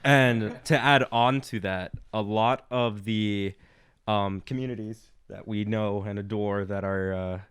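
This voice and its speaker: Laughing young Midwestern man, smooth voice. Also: fairly low pitch, measured pace, dry recording. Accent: Midwestern American. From Nebraska, US. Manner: laughing, animated storytelling. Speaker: cast member. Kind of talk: casual chat.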